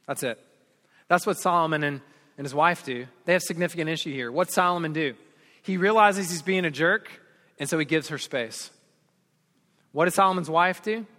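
Preaching man in a reverberant hall. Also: high voice. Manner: storytelling preacher, builds up and drops to soft earnest tones. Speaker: pastor. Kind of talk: sermon.

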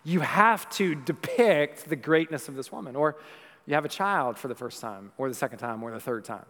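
A young man preaches a sermon in a church sanctuary, his voice sitting a touch high for a man. He moves from easy conversational talk into a rhythmic, emphatic recitation, and a long reverb hangs on every phrase. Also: expressive, normal speed, fairly bright tone. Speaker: pastor. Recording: long reverb of a large hall.

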